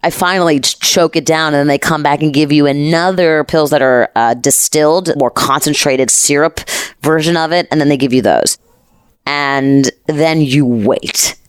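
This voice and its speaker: A woman podcast host telling a story in casual chat, animated, dramatic and profane. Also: deep voice, normal speed, smooth, no room sound, clean studio sound.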